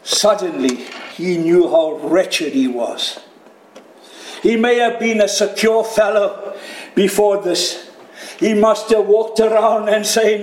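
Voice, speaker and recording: A man with a high voice preaches slowly and deliberately, letting each phrase land. His delivery swings from quiet, low passages up to loud shouted peaks. The sound is roomy, with the echo of a church hall. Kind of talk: sermon. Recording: echoey room.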